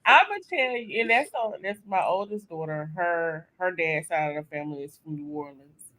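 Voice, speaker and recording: A woman telling a story in a casual podcast chat, talking emphatically with animated, loud peaks. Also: on the low side, normal speed, low-quality recording. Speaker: audiobook narrator.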